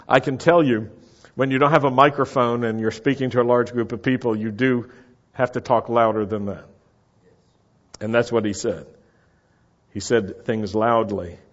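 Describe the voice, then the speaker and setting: A man preaching a sermon, moving between quiet reflective lines and sudden loud exclamations. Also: mid-range voice. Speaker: pastor.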